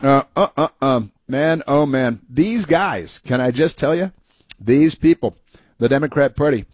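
A man's voice: mid-range voice, lively intonation, measured pace, breathy edge, no echo. A man hosting a talk show, giving heated, mocking opinion commentary full of fillers and restarts.

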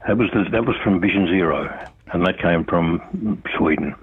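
An Australian man, a radio guest, talking bluntly and forcefully and repeating his points. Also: sits low, moderate pace, breathy edge, no echo. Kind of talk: casual radio chat. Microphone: phone. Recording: tinny phone line.

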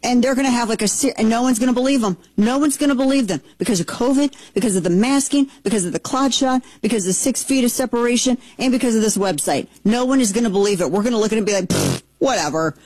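A woman hosting a talk show, chatting in an excitable, sarcastic way and slipping into mock voices. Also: a little high, fast talker, few pauses, dry recording, rough recording. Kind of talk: casual commentary chat.

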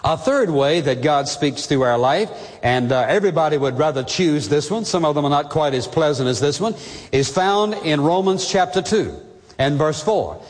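A man's voice: a little high, animated, normal speed, in a large hall. A man preaching a sermon as pastor, speaking earnestly and directly to the listener.

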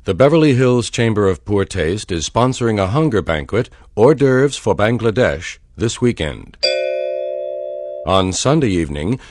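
A man reading mock community notices in a deadpan announcer manner. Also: on the low side, no echo, clean studio sound. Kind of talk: mock news bulletin.

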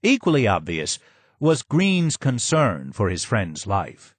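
Man reading an audiobook memoir, bouncy expressive delivery, dry close mic. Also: fairly low pitch, takes it slowly, slightly rough, dry recording.

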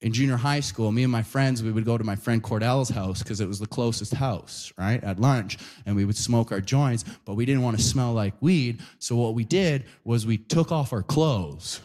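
A man's voice: mid-range voice, normal speed, hardly any pauses. Storytelling stand-up comic man. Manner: animated storyteller, constant "right?" tags. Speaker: stand-up comedian. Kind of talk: stand-up comedy.

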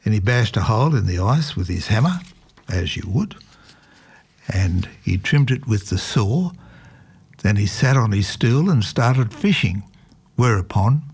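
A man's voice: fairly low pitch, darkish tone, breathy edge. A man hosting local radio, chatting casually and telling jokes. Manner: chatty, joking, laughs often. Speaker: radio host.

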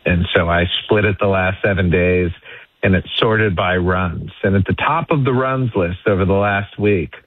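A man's voice: low-pitched, normal speed, no room sound, narrow, tinny audio. A man talking baseball as a guest on a sports radio show, self-deprecating and packed with statistics, restarting his sentences often. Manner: self-deprecating, stat-heavy, frequent restarts. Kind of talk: casual sports radio chat.

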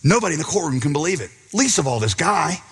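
A man's voice: on the high side, big pitch swings, quick pace, breathy edge. Preacher man in a reverberant hall. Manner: storytelling, acting out characters' lines. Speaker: pastor. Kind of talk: sermon.

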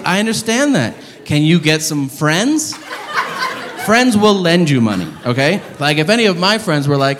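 A man performing a stand-up comedy set, telling a story loudly and incredulously and shouting out the lines he acts out, on a club stage with the audience laughing. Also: high-pitched, animated, moderate pace. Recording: reverberant live venue with crowd noise.

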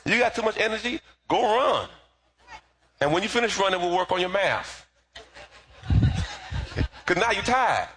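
A sharp, scolding Jamaican mother barks at her fidgety son to sit still, as a man puts her voice on. The voice jumps high and swings around lively, with a husky edge. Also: unhurried, long pauses, heavily acted. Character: scolding Jamaican mother, middle-aged woman.

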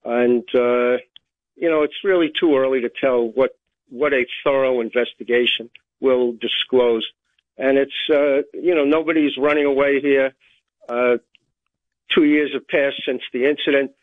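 A man giving his view as a guest on a radio show, hesitant and measured, with many pauses and fillers. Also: mid-range voice, fairly even intonation, no room sound. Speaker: guest commentator. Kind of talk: phone interview on talk radio. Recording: tinny phone line.

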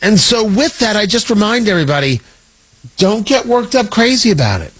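A man hosting a political commentary show, talking in a sarcastic, animated monologue that swings his pitch for emphasis. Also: fairly quick, slightly rough. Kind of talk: opinionated monologue.

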